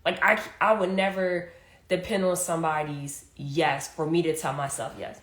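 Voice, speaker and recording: A woman's voice: low-pitched, level tone, normal speed. A young adult woman hosting a casual motivational talk, chatty and emphatic, full of "hey" and "like". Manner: conversational, repeats "hey" and "like", emphatic. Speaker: podcast host. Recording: roomy echo.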